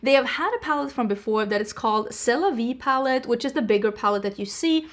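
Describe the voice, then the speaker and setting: A woman hosting a beauty channel, talking casually to camera in a chatty, animated way with jokey rants. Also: on the high side, fast.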